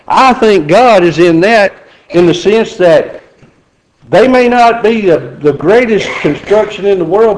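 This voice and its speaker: A man's voice: high voice, low-quality recording. A middle-aged man preaching a sermon in a folksy, joking way. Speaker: pastor.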